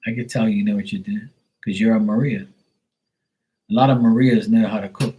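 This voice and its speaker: A man talking casually to his livestream viewers, blunt and quick to swear. His voice sits low and sounds husky. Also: steady tone, dark tone, low-quality recording. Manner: profane, blunt, chatty. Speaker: live tarot reader streamer.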